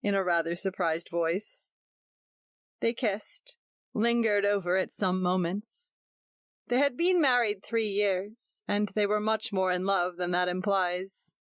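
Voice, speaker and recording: Female audiobook narrator, measured and even, dry booth. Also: mid-range voice, clear, resonant tone, dry recording. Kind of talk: scripted narration.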